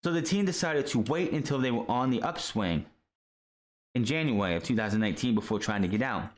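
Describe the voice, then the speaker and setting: A man hosting a wrestling podcast in a loose, rambling rant. He swears freely, trips over names and restarts his sentences, with a middling pitch. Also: expressive, brisk. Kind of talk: casual ranting commentary.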